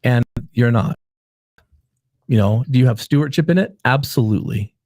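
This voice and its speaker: A man's voice: medium pitch, animated, normal speed, darkish tone, no room sound, studio quality. A middle-aged man who hosts a live show as a therapist, talking earnestly and telling family stories as advice. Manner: earnest, storytelling, coaching tone. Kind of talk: casual advice chat.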